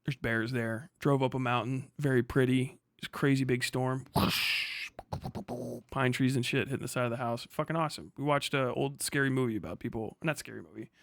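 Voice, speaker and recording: A man's voice: mid-range voice, fairly quick, dry recording. Profane, laughing young streamer guy. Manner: profane, laughing, animated storytelling. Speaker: streamer host. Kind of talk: casual reaction rant.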